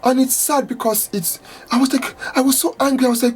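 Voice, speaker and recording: A woman salon owner giving an impassioned, angry rant to camera, exasperated and swearing, with outbursts that climb in pitch. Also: brisk, darkish tone. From United States.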